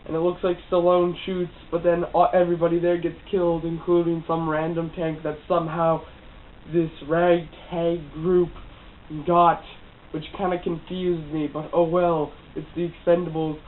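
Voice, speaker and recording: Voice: medium pitch, level tone, normal speed. A casual movie reviewer with a cold, rambling with lots of fillers and restarts. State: has a cold. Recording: tinny phone-like audio with faint hiss.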